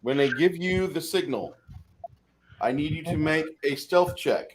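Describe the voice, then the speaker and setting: A man's voice: a little high, a little slow, slight background noise. A man narrating as game master of a tabletop game, casual and profane, often laughing.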